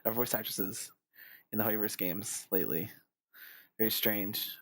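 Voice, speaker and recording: A man streams a video game and muses as he plays, offering rambling, casual commentary. His voice sits on the low side and moves a little slowly, with no room sound.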